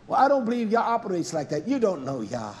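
A man's voice: high voice, wildly swooping pitch, quick pace, a little hiss or hum. A man preaching a fiery, confrontational sermon, scolding his listeners and firing rhetorical questions at them.

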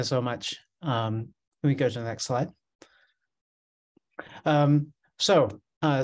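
Man, academic presenter, mid-pitch, earnest explainer. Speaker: assistant teaching professor. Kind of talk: webinar presentation.

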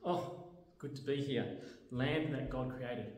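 A man's voice: medium pitch, slow pace, darkish tone. A man presenting a children's church video, talking in a friendly way straight to the kids watching. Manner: friendly, talks directly to children.

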